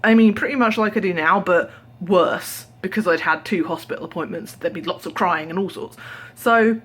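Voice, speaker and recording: A woman's voice: fairly low pitch, normal speed, slightly rough. Tired chatty British woman vlogging. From Britain. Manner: animated storytelling, acting out quoted voices, drops to a whisper. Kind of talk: casual chat. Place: home. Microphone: camera held at arm's length.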